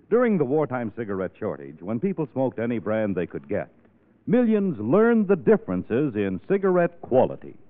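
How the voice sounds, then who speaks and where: Smooth, persuasive vintage radio announcer. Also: male voice, mid-range voice, huge pitch swings, normal speed. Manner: polished, persuasive sales delivery. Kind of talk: 1940s radio commercial announcing. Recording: tinny old radio broadcast.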